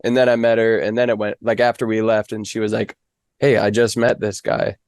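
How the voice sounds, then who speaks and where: Easygoing young man, low dry voice. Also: level tone, brisk, darkish tone, smooth, dry recording. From Fargo area, US. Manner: modest, easygoing, lots of "like". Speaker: guest, weather reporter. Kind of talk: casual interview.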